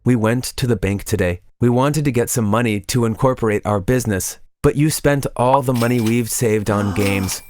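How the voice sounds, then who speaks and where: Distressed mother, read by a man, plain even voice, storybook narration. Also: medium pitch, moderate pace, few pauses, close to an everyday voice. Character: upset mother, a hospital worker.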